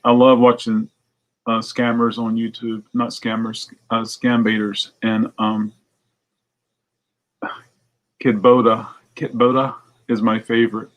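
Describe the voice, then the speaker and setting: Chatty man telling a prank-call story. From United States. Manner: chatty storyteller, acts out phone calls with high excited voices. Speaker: record store owner hosting a morning show. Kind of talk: casual chat to viewers.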